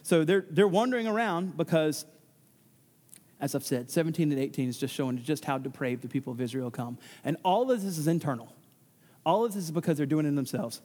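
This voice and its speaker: High-voiced preacher in a reverberant hall. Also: male voice, brisk, a little mellow. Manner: conversational, with frequent restarts and joking asides. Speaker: pastor. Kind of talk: expository sermon with scripture reading.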